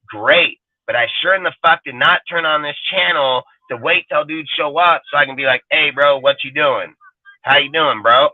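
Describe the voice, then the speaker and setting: A man on a fan show panel rants heatedly during a live stream, blunt, emphatic, and full of swearing. His voice is medium-pitched, and the recording is a dry, phone-quality line.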